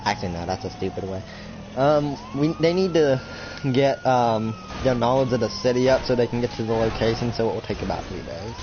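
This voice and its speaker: A young man narrating an improvised roleplay in a rambling, casual way, swearing freely and jumping into quick voices. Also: medium pitch, highs cut off, background noise.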